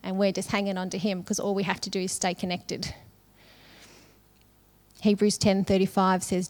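A middle-aged woman delivers a sermon. She keeps it conversational and personal, and breaks into light laughs between phrases. Her voice sits at an ordinary pitch for a woman. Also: flat delivery, normal speed, a little mellow. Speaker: conference speaker.

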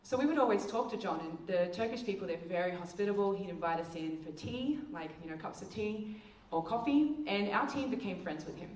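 A woman giving a presentation with slides, telling stories lively and acting out the voices of the people she quotes. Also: medium pitch, a little fast, few pauses. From Australia. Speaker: missions speaker. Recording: echoey room, distant mic, faint ambience.

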